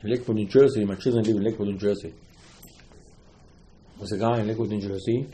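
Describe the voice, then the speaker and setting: A man's voice: lowish voice, fairly even intonation, brisk, warm tone, low-quality recording. Emphatic man giving a religious talk. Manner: repetitive, emphatic storytelling with rising outbursts. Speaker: religious teacher. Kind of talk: informal Torah talk.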